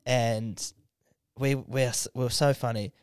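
A man's voice: medium pitch, fairly even intonation, measured pace, smooth, no room sound, studio quality. A young Australian man hosting a podcast, tipsy and swearing constantly as he laughs through drunken stories. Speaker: podcast host. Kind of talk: casual drunk chat.

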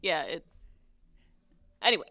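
A woman's voice: takes it slowly, bright, forceful tone, no echo. A woman reading game cards aloud and chatting casually with friends, often laughing as she reads.

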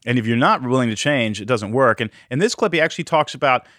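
A man's voice: mid-range voice, lively intonation, fast talker, pushed and bright, no echo, studio quality. A man hosting a podcast, chatting casually and joking at his own expense. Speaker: podcast host.

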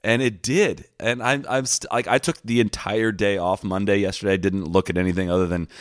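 Low-voiced man hosting a chatty podcast. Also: steady tone, no room sound, studio quality. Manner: chatty, laughs often, talks in quick bursts. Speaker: podcast host. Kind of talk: casual chat.

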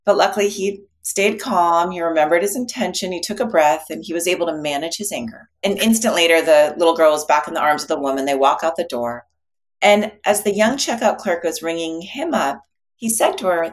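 A woman's voice: lowish voice, fairly quick. A woman psychologist as an interview guest, speaking reflectively and telling a story. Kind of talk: interview conversation.

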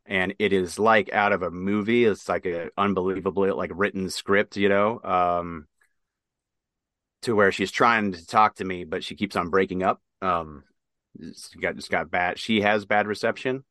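Veteran guest, male, from Nebraska; halting casual storyteller, dry close sound. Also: deep voice, fairly even intonation, a bit bright, no echo. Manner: halting, many fillers and restarts. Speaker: interview guest, military veteran.

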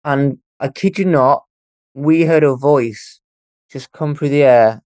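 A young man telling a ghost story as a podcast guest, animated and swearing freely as he acts out what people said. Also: medium pitch, slow, no room sound. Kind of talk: casual storytelling.

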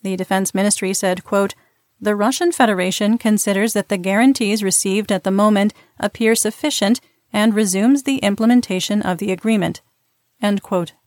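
A woman's voice: mid-range voice, normal speed, a little mellow, no room sound. Woman reading a war news update. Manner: dry asides between reports. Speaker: news host.

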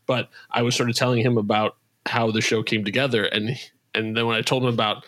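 A man's voice: mid-range voice, level tone, fairly quick, a bit bright. A man, creator and host of an audio drama podcast, chatting casually and rambling with many restarts. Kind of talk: casual chat.

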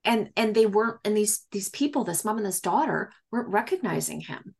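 A woman's voice: medium pitch, expressive, a little fast, vocal fry, slightly rough. Woman guest on a podcast, chatty and rambling, acts out the quotes, lots of ums. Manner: chatty, acts out quoted dialogue, many fillers. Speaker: guest medium. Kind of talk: casual storytelling in a podcast interview.

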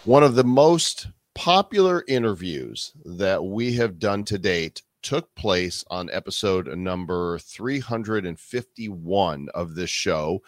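Male podcast host, low voice, showy hype-man delivery, dry close sound. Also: no room sound. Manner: showy, hype-driven intros with big pitch swings. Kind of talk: energetic podcast chat.

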